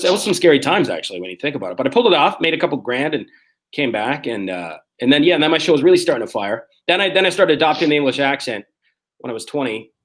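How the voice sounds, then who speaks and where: A man in his forties, a comedian guest telling rough, profane stories on a video call and acting out the quotes. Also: on the high side, a bit bright. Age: 40s. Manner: rapid, profane storytelling that acts out quotes. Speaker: guest, street performer and comedian. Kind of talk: casual podcast chat.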